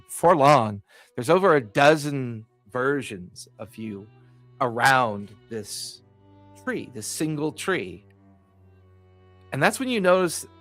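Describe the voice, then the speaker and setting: A man narrating as the game master of a tabletop game, telling the story in a calm and measured way over an online call. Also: medium pitch.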